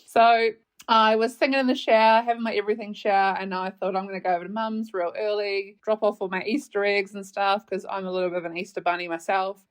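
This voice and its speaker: A young woman with a New Zealand accent tells a story on her podcast. She talks in a loose, chatty way, laughs often and swears freely. Her voice sits at a middle pitch. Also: little pitch movement, quick pace. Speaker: podcast host. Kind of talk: casual storytelling monologue.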